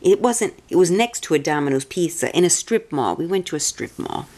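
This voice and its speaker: A rambling, chatty woman with a notably low-pitched voice. She tells a personal story casually and keeps doubling back and restarting her sentences. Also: animated, fairly quick, a little mellow. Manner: meandering, chatty, many restarts. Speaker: vlogger.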